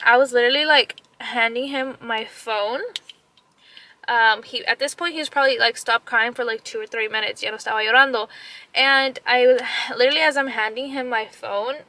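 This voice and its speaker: Bright high-voiced young woman telling a story. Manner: animated retelling, many "like" fillers, drops Spanish phrases; upset and emotional. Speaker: vlogger. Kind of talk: casual storytime vlog.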